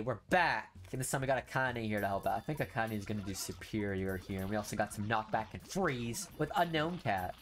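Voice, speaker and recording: A young man commenting on a mobile game he is streaming, grumbling low, then bursting out loud in frustration. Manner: frustrated ranting, swings from low muttering to loud outbursts. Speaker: gaming streamer. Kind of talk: casual gameplay commentary.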